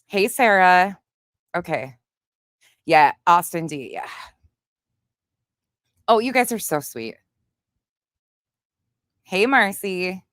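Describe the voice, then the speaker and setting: A woman's voice: lowish voice, animated, slow, pauses often, fairly bright tone, no room sound, clean studio sound. A woman hosting a casual livestream, greeting viewers by name and chatting bluntly with some swearing. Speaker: livestream host. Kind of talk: casual livestream chat reading comments.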